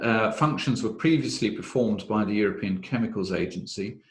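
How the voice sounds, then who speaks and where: In an echoey room, a low-voiced man presents a webinar on health and safety law, explaining regulations. He speaks in a measured, methodical way, with frequent "uh" fillers.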